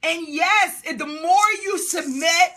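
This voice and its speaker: An exuberant woman hosting a live call for business owners cheers and whoops while reading out comments, going rapid-fire when she lists questions. Her pitch is extremely high, and her tone is bright and forceful.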